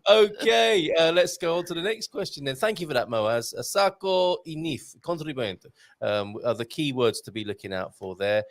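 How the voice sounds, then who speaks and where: A man from England hosts a relaxed live question show, reading out viewer messages with jokes along the way. His voice sits somewhat high for a man. The sound is close and dry. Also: moderate pace, few pauses, no room sound. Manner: chatty, reads out viewer messages, jokey. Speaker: host. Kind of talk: casual live Q&A hosting.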